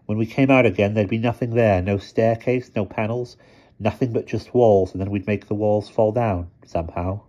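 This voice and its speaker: A withdrawn, intense teenage boy who speaks slowly and with quiet weight, as a man reading a story puts him on. His tone is dark and low, and the recording is dull. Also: fairly even intonation, close to an everyday voice. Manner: slow, measured, intense.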